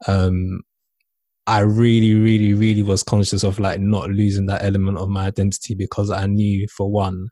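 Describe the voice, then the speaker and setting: A man speaking in a measured, deliberate way in a casual chat. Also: on the low side, monotone, mellow, no echo.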